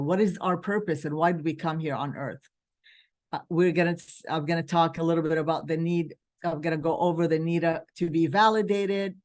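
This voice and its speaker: A woman from Palestine speaks in a lowish voice as she hosts a virtual spiritual gathering. She talks earnestly and with feeling, urging her listeners on. The sound comes through a video call mic. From West Bank, Palestine. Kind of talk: heartfelt talk to a virtual group.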